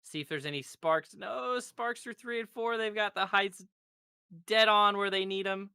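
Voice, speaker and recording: A male race commentator with a slightly high, bright and crisp voice, full of enthusiasm. He laughs often and stumbles into his sentences before landing them. The sound is dry and close to the mic. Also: moderate pace, no room sound.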